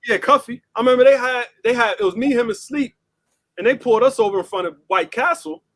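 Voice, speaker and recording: A man's voice: very high voice, fast, fairly bright tone. A young man telling a story in a casual chat, full of fillers and restarts and laughing often. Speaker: discussion panelist.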